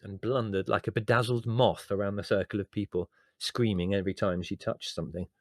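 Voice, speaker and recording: A man's voice: on the low side, fairly even intonation, fairly quick, no echo. A man reading a comic memoir aloud in a wry, dry and understated storytelling manner. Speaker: narrator.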